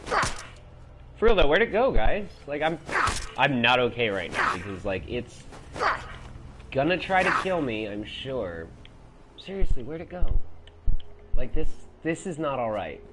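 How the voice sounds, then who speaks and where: A man's voice: mid-range voice, big pitch swings, measured pace, long pauses, background noise. A young man giving casual gameplay commentary as he plays, swearing a lot and shrieking when he is startled. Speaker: gaming video host.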